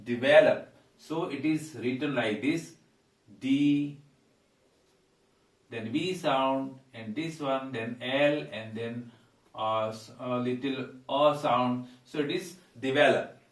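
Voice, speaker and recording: A man teaching English pronunciation, pausing on fillers and repeating words slowly. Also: mid-range voice, recorded from a distance. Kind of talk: pronunciation lesson. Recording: echoey room, voice away from mic.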